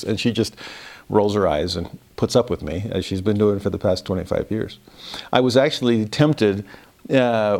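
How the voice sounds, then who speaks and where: Earnest, low-voiced man teaching. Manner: earnest, reflective, self-deprecating humor. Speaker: religious teacher. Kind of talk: devotional Christmas lesson.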